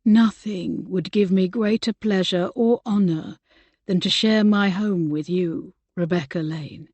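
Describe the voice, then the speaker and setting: A woman reading the part of a tender, earnest gentleman suitor in a soft, hushed voice. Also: lowish voice, unhurried, no echo, muffled recording.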